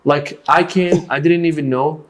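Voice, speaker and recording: A man's voice: fairly high pitch, steady tone, a little hiss or hum. A boxing coach, telling stories earnestly in a casual podcast conversation, often restarting his sentences. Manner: earnest, storytelling, halting restarts.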